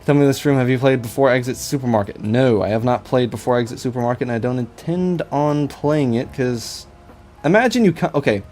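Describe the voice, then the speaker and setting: A man's voice: medium pitch, a little fast, darkish tone, faint music behind. Rambling young man streaming while drawing. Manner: rambling, self-mocking, stammers with repeated I's. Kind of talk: casual live-stream chat while drawing.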